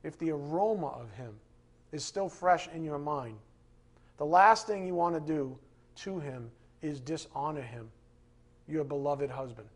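A male pastor preaching with force, repeating his key lines for emphasis. He breaks in with jokes to loosen up his listeners. His voice sits a little high and sounds husky. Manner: emphatic, with joking asides to the congregation. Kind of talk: sermon.

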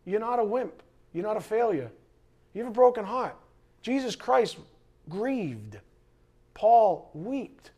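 A middle-aged man delivers a sermon as pastor, his voice sitting high for a man. He preaches in an animated way, acting out the voices of people he quotes and now and then breaking into a shout. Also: slow pace, long pauses, breathy edge.

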